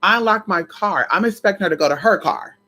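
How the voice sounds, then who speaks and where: A woman's voice: medium pitch, lively intonation, quick pace, bright, forceful tone. A woman vlogger chatting casually to her viewers, telling a story in colloquial, swear-laced speech.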